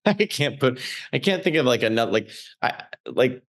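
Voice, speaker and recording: Animated, story-telling comedian man. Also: mid-range voice, normal speed. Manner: animated storyteller, swears casually. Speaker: guest comedian. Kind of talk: casual podcast chat.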